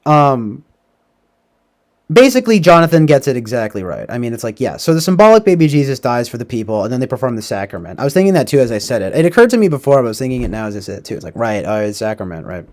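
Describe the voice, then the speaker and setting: Very animated and quick, this livestream host talks movies in a medium-pitched, slightly mellow voice. His chat is rambling and profane, with "like" and "right?" sprinkled through his thoughts.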